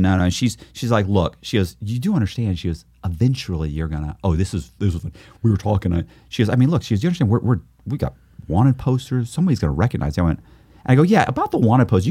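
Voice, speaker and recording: A man's voice: on the low side, a little mellow, breathy edge, no echo, clean studio sound. A middle-aged man, the guest, telling a story in a podcast interview and acting out both sides of the dialogue. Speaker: guest, author.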